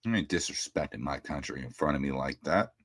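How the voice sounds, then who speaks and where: A man's voice: a bass voice, expressive, fairly quick, a bit bright, no room sound, studio quality. A man hosting a casual livestream, talking bluntly and ranting with plenty of profanity. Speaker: livestream host.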